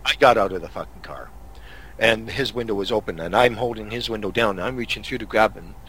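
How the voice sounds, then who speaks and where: A man's voice: on the low side, brisk, a bit bright, slightly rough. A man from Canada hosting a podcast, telling angry road-rage stories in a profane, casual rant. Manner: angry, swearing storyteller. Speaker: podcast host.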